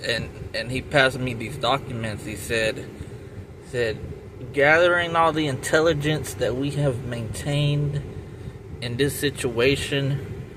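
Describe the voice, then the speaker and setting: A man's voice: medium pitch, fairly even intonation, slow. A man telling a rambling story in casual talk, restarting and repeating himself with lots of fillers. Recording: loud traffic and outdoor noise.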